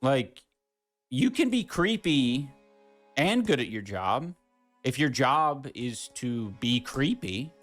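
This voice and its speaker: A man's voice: medium pitch, sing-song, slow pace, a bit bright, faint music behind. A man ranting indignantly and profanely in a podcast clip, emphatic and swearing. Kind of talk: heated podcast rant.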